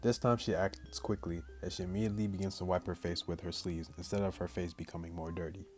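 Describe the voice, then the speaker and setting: A man reading a visual novel's text aloud in a plain, steady way, breaking off now and then to chat casually with his viewers in slang. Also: deep voice, fast talker. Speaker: gaming channel host.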